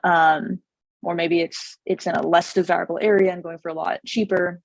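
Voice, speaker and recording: A woman realtor with a slightly hoarse voice and a Californian accent, chatting casually with many fillers and restarts. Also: on the low side, little pitch movement, normal speed, low-quality recording. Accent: Californian English. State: slightly hoarse, losing her voice. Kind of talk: casual explainer video.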